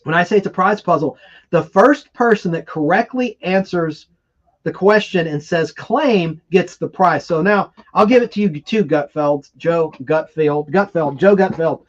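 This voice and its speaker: A man with a fairly high voice hosts a casual livestream, rambling and excitable as he chats with viewers. The audio is dull and lo-fi, like a basic home stream. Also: unhurried. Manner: rambling, excitable, reads viewer comments aloud. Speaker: livestream host. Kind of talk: casual live chat and trivia hosting.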